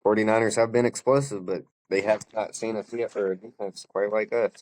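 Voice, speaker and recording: A man co-hosting a sports podcast, backing up his partner with short remarks and steady predictions. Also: lowish voice, fairly quick, slight background noise, poor audio. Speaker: podcast co-host. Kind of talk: casual sports podcast chat.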